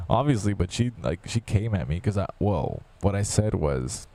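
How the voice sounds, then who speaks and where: A man's voice: low voice, sing-song, unhurried, gravelly, warm tone. A man from the United States talking in a casual, profane, rambling rant full of restarts. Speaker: vlogger.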